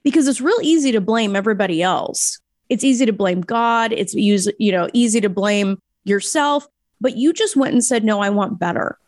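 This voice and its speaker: A woman's voice: mid-range voice, normal speed, a little mellow, dry recording, clean studio sound. Effusive American woman podcast host. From United States. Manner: effusive, emphatic, self-described nasal voice. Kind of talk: podcast interview.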